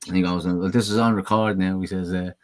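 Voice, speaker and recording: A man's voice: deep voice, steady tone, a little fast, dry recording. A man in casual podcast chat, telling rambling stories and swearing freely. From Ireland.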